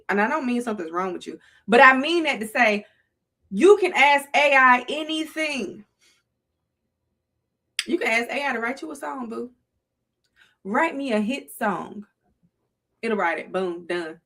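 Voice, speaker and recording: A woman's voice: on the high side, fairly bright tone. A middle-aged woman with a Southern US accent, hosting a casual livestream in a playful, preachy way and talking to her chat. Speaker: livestream host.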